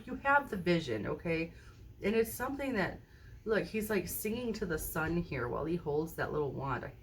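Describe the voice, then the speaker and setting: A woman doing a casual tarot reading to camera at a table indoors, recorded on a phone mounted high overhead, chatting and often checking in with the viewer. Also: slight background noise. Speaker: tarot card reader.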